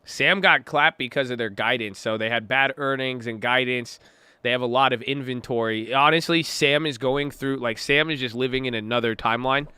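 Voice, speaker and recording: A young man hosts a casual livestream, reading chat messages aloud and riffing on them in relaxed, slangy talk. His voice is bright and crisp, and it comes across close and dry with no room sound. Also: medium pitch, normal speed, dry recording. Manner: loose and chatty, reacting to chat, slang-heavy.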